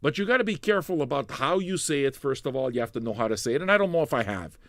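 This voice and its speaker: Racing through his words, a male radio DJ hosting a live music stream rambles, curses and jokes along with the chat messages. His energy swings from animated bursts of loudness down to low mumbling, and the recording has no echo.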